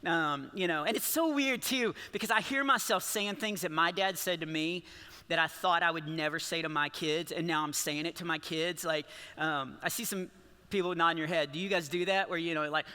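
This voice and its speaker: A man's voice: fairly high pitch, brisk, pushed and bright, clean tone. A man in his forties doing rambling, self-deprecating stand-up comedy in a church, often laughing at his own jokes. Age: 40s. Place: large church hall with a live audience. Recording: long hall reverb.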